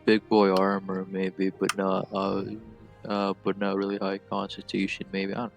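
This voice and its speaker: A teenage player who talks hesitantly with many fillers and defensive jokes. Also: male voice, low-pitched, monotone, moderate pace, creaky, faint music behind. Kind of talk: casual chat at a tabletop game.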